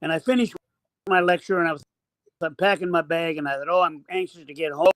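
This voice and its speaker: Older male coach, high voice, dry close sound, halting storyteller. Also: steady tone, a bit bright, dry recording. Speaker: basketball coach guest. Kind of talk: storytelling interview answer.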